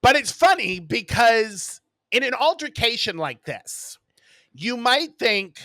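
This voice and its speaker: A man's voice: sits high, animated, unhurried, pushed and bright, no echo, studio quality. A male podcast co-host telling a story in casual chat, frank and wry, swearing for emphasis.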